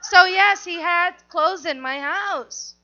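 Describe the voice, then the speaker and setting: A woman telling a candid personal story in an animated, confessional way, on a dull lo-fi recording. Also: extremely high pitch, slow pace.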